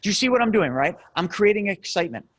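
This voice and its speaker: A man's voice: high voice, very animated, quick pace, fairly bright tone, no room sound. A man hosting a podcast, giving a casual, emphatic motivational lesson with lots of energy. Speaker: podcast host and real estate coach. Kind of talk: motivational teaching monologue.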